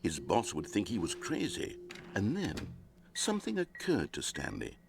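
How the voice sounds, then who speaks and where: A man's voice: fairly low pitch, wildly swooping pitch, normal speed, creaky, noisy background, exaggerated voice. A man narrating a video game story in a dry, wry, scripted manner.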